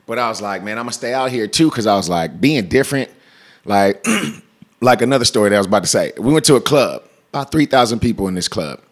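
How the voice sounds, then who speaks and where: Laughing storyteller from California. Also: male voice, on the low side, quick pace. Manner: animated, slangy, laughs often. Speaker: interview guest. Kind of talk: casual storytelling.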